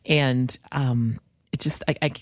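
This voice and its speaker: A woman's voice: rumbling low, fairly even intonation, slow pace, dry recording, studio quality. A middle-aged woman hosting a conversational interview, empathetic and chatty with plenty of fillers. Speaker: podcast host.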